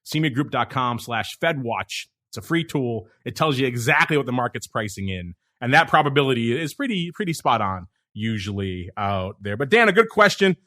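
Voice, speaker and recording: A man's voice: mid-range voice, normal speed, few pauses. A man hosting a podcast, talking energetically and reading out listener questions in a casual, chatty way. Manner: energetic, talkative, reads listener questions aloud. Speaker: podcast host.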